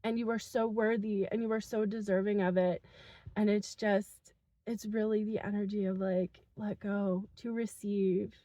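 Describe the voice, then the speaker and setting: A young woman giving an intuitive spiritual message to her viewers, soft and earnest, with many fillers and moments of emotion. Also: medium pitch, level tone, normal speed, no echo. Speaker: spiritual channel reader.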